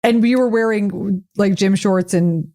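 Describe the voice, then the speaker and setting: A woman co-hosting a podcast, speaking at a middle pitch. She keeps poking at the story with dry, skeptical questions and teasing remarks, all in an easy conversational tone. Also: measured pace, dark tone. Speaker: podcast co-host. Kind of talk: casual chat.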